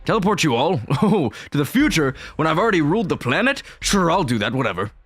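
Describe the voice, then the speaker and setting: A man's voice: fairly high pitch, sing-song, fast talker, breathy edge, no room sound, faint music behind, voice pushed up. A man voicing a smug, scornful mad-scientist villain while reading game dialogue aloud.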